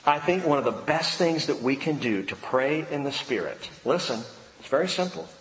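A man preaching a sermon in a conversational way, dropping to a hush at times and rising to emphatic peaks. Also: on the high side, expressive, moderate pace, big-room sound, slight background noise, low-quality recording. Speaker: pastor.

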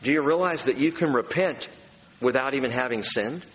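A man preaching a sermon as a pastor, animated, acting out the voices he quotes. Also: mid-range voice, moderate pace. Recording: reverberant hall, faint room ambience.

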